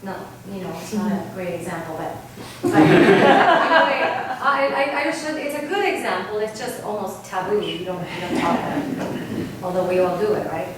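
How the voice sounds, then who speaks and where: A woman vocal coach from Argentina leads a singing workshop, teaching in a lively way and often checking in with "right?". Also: on the low side, brisk, heavy background noise. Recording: distant mic in a very echoey room.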